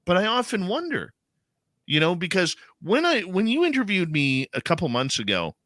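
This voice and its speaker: A male radio host with a bright, forceful voice that swings widely in pitch. He talks in an animated, emphatic way, full of fillers. The sound is dry and close-miked. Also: normal speed, dry recording. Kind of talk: conversational interview talk.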